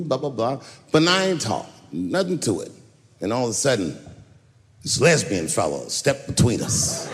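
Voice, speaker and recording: A man's voice: a little high, very animated, normal speed. Crude storytelling male comedian on stage. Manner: storytelling, acts out characters, crude. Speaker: stand-up comedian. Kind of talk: stand-up comedy routine. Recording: live hall with audience laughter. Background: audience laughter and crowd noise.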